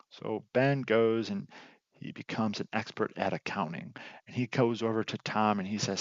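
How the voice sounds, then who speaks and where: A man's voice: on the low side, steady tone, moderate pace, no room sound, highs cut off. A man teaching an informal lesson, telling a story and acting out its characters, with many fillers and restarts. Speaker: real estate investing teacher.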